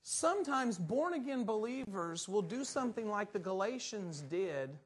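A man preaching a conversational sermon to his congregation, earnest and halting, often restarting his sentences. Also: high-pitched, sing-song, slightly rough.

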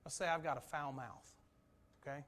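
A man preaching a sermon, swinging between loud, urgent emphasis and quiet, low asides. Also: fairly even intonation, normal speed.

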